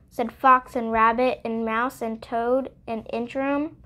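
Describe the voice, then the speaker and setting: A woman reading a children's picture book aloud, clear and expressive. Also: high voice, takes it slowly. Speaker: storybook reader. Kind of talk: children's read-aloud narration.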